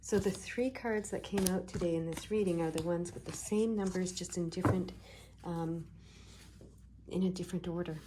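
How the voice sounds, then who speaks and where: A woman giving a casual tarot reading, soft-spoken and reassuring, often slipping into a half-whisper as she muses over the cards. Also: fairly low pitch, fairly even intonation, moderate pace, background noise. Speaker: tarot reader.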